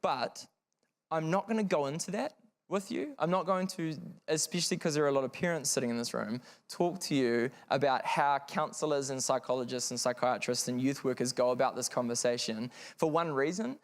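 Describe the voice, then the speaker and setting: A man's voice: medium pitch, brisk. A man speaking frankly to parents in a seminar room, telling a personal story in a conversational, earnest way with wry asides.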